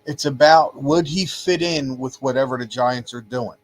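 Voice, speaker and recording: A man's voice: mid-range voice, moderate pace. A man co-hosting a podcast in casual sports chat, talking emphatically and repeating words as he presses his points. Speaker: podcast co-host.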